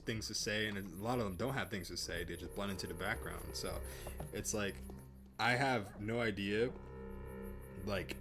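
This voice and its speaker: A man casually commenting on a game he is playing for the first time, rambling with many fillers and restarts. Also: fairly low pitch. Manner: rambling, full of ums, likes and restarts. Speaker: let's play host.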